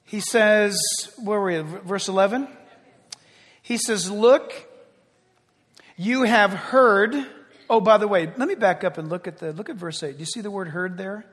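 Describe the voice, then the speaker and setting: Pastor, male, high-pitched, animated conversational sermon delivery, echoing hall. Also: moderate pace. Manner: animated, conversational preaching with restarts and acted-out quotes.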